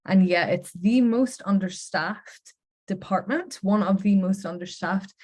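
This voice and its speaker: A woman's voice: mid-range voice, unhurried, a little mellow. A woman with a Northern Irish accent, giving an earnest, heartfelt personal faith testimony. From Northern Ireland. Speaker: Christian speaker sharing her testimony.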